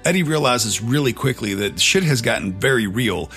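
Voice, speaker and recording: Gravelly man telling a story. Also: mid-range voice, lively intonation, normal speed, fairly bright tone, faint music behind. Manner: swearing, conversational. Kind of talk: casual storytelling.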